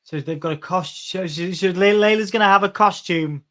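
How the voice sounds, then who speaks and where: Eager high-voiced man co-host. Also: moderate pace, fairly bright tone. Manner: eager, speculating about the plot. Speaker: co-host reviewing a TV episode. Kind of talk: casual watch-along commentary.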